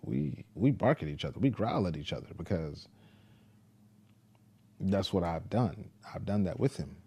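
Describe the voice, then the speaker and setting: Deep-voiced laid-back man telling a story. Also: animated, normal speed, dark tone, slightly rough. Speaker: father telling a parenting story. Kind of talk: casual storytelling monologue.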